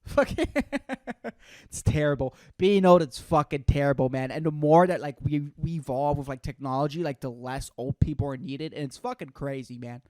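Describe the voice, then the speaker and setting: A man's voice: a little high, normal speed, a little mellow, dry recording. A man in his twenties hosting a solo comedy podcast, rambling and swearing constantly, peppering his talk with "dude" and "man". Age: 20s. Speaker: podcast host.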